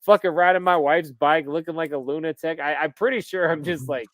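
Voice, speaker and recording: Casual male co-host in his thirties, animated storyteller with a slightly high voice, dry close recording. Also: brisk, no echo. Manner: animated storyteller, laughs often, swears freely. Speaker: podcast co-host. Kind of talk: casual chat.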